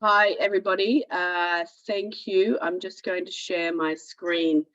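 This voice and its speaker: A woman with an Australian accent, hoarse from illness, giving a chatty presentation over a video call. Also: on the low side, steady tone, a little slow, fairly bright tone, no room sound, dull audio. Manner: chatty, with many fillers. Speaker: guest speaker, program director. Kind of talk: presentation to an online audience.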